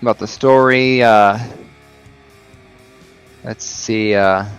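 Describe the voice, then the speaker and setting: A man's voice: lowish voice, fairly even intonation, takes it slowly, clean tone, soft background music, poor audio. A man recapping a comic book in a casual video review, rambling with lots of "you know" and "uh".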